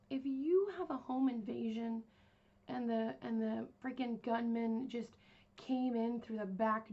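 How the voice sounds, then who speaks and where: A woman's voice: a little high, a little mellow, muffled recording. A woman hosting a true crime podcast, telling the story in a casual, rambling way with lots of fillers. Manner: rambling, chatty, with many fillers.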